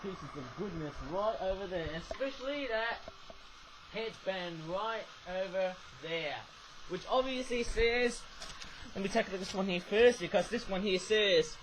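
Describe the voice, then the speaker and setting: A man's voice: sits high, normal speed, fairly bright tone, a little hiss or hum, low-quality recording. A man casually reviewing toys on his own channel, rambling and tacking "though, eh?" onto his sentences. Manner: rambling, keeps adding "though, eh?". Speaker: toy reviewer. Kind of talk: casual toy review vlog. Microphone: webcam.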